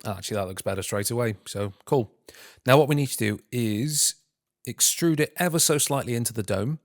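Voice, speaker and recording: A man talking himself through a software tutorial, muttering and humming filler sounds between steps and calling himself an idiot. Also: medium pitch, fairly quick, no echo, studio quality. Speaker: tutorial host. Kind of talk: screen-recorded software tutorial.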